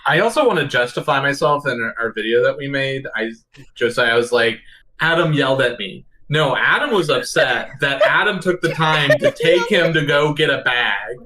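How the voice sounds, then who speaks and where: A man's voice: medium pitch, lively intonation, moderate pace, pushed and bright. A man co-hosting a podcast, explaining his side of a story in a laughing, defensive manner. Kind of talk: casual chat.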